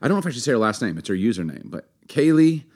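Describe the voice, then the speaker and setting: A man's voice: medium pitch, big pitch swings, very fast, darkish tone, breathy edge. A man co-hosting a casual podcast, joking around as he reads listener reviews aloud. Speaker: podcast co-host. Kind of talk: casual chat.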